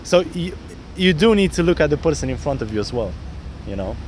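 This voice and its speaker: Outdoors on a city street, a dating coach with a fairly high voice explains his approach at a brisk, energetic clip. He slips into acted snippets of his pickup lines, putting on different voices, while faint traffic hums in the background.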